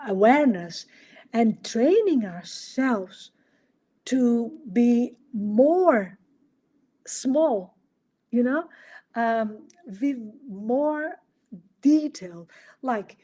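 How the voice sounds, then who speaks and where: A woman hosting a solo podcast in an animated coaching style, asking rhetorical questions and making small grammar slips. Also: on the high side, drawn-out words, long pauses. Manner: animated, acts out little dialogues, asks rhetorical questions. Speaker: podcast host.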